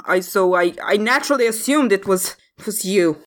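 A woman's voice: medium pitch, animated, moderate pace, close to an everyday voice. A woman voicing an angry male farmer who lost his goat, accusing and stammering when upset, in a tabletop game. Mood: distraught.

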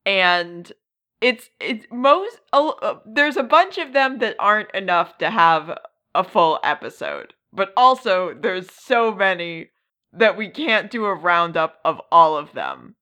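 A woman co-hosting a casual podcast, laughing often and halting with lots of ums. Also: mid-range voice, animated, pushed and bright. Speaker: podcast co-host. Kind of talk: casual chat.

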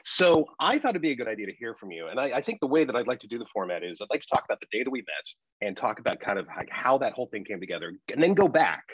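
Racing along in a husky, medium-pitched voice over dull audio, a podcast producer turned interviewer co-hosts a casual chat. He's animated, keeps joking, and restarts a lot.

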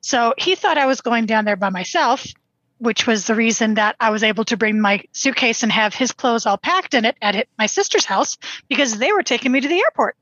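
A woman's voice: fairly high pitch, lively intonation, fairly quick, fairly bright tone, no room sound. Chatty older woman on a dull mic. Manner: chatty, laughing storyteller. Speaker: podcast guest. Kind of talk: casual podcast chat.

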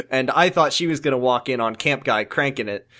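A man's voice: mid-range voice, normal speed, sharp tone. A man co-hosting a podcast, recapping a TV episode in casual comedic chat, riffing and laughing often. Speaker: podcast co-host.

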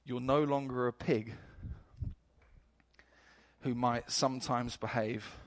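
A man's voice: medium pitch, steady tone, slow. A male pastor preaching a sermon in a storytelling manner, building up to emphatic points.

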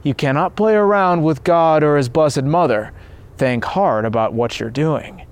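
List: a man as a priest, calm, firm, measured, solemn, storybook reading. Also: fairly high pitch, clean tone, natural voice. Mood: stern.

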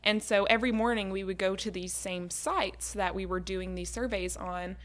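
A woman's voice: mid-range voice, fairly even intonation, normal speed. A young woman in casual chat, telling a story with frequent fillers and laughs. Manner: chatty storyteller, laughs often, says "like" and "um" a lot.

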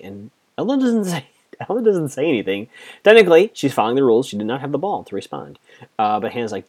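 A man casually recapping a TV episode, chatty and quick to quote the characters. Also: on the low side, sing-song. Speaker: TV recap host.

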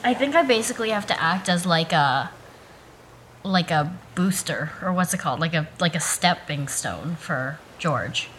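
A woman's voice: lowish voice, animated, moderate pace, fairly bright tone, slight background noise. A woman taking part as a player in a tabletop role-play, thinking her moves through aloud with some hesitation.

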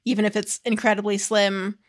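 A woman's voice: medium pitch, little pitch movement, fairly quick. A woman with a middle-range voice speaks as a podcast co-host, reflective and thoughtful, working through her points as she talks. The tone is casual and conversational. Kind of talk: casual chat.

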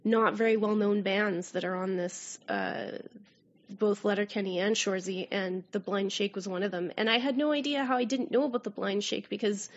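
A woman's voice: mid-range voice, steady tone, moderate pace. A Canadian woman, a guest writer, chatting and swearing casually on a podcast. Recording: dull lo-fi audio.

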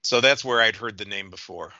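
Man, podcast guest, very bright sharp tone, wry and teasing, dry dull audio. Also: lowish voice, fairly quick, no echo. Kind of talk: casual movie podcast chat.

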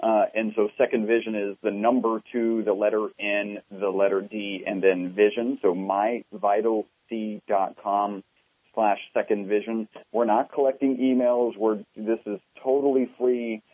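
A man interviewed as a guest, explaining things in a friendly, easygoing way with plenty of fillers. His voice sits on the low side. The sound is dry and tinny, like a phone call. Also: level tone, measured pace, no echo. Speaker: guest researcher. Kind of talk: interview talk. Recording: phone-line audio.

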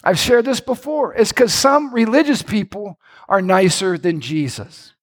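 A male pastor preaching a sermon, swinging between low, quiet asides and loud, shouted lines. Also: expressive, measured pace, big-room sound.

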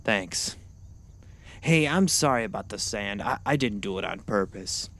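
A man's voice: a little high, lively intonation, a little slow, darkish tone. A man voicing a grumpy, sarcastic male explorer in a comedic audio drama, trading snarky retorts. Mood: apologetic.

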